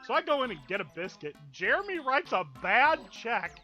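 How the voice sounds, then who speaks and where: A rowdy, profane man riffs loudly over a game stream. His pitch leaps around in a lively way. His voice is bright and edgy. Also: normal speed, soft background music. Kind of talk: crude gameplay commentary.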